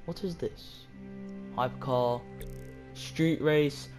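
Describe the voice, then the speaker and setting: A young man giving casual, rambling commentary over his own racing gameplay, self-mocking and breaking into excited bursts. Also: on the high side, slow, over music. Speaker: gaming video creator.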